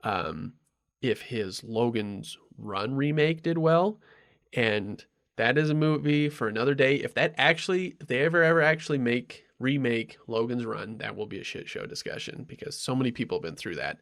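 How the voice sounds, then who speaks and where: A man's voice: mid-range voice, animated, moderate pace, vocal fry, a bit bright. A man hosting a podcast, telling a rambling story in casual chat, full of ums and asides. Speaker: podcast host.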